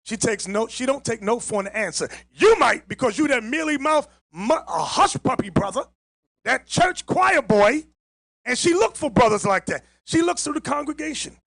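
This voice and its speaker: Street preacher guy, really high voice, swings up and down, yelling at the crowd. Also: animated, normal speed, creaky. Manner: loud, emphatic, mocking, often shouting. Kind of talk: open-air sermon with Bible reading. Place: outdoors on a public green.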